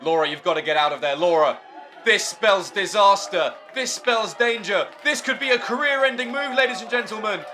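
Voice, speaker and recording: Excitable high-voiced male wrestling commentator. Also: normal speed, some chatter behind. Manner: excitable, shouting at big moves. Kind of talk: play-by-play commentary.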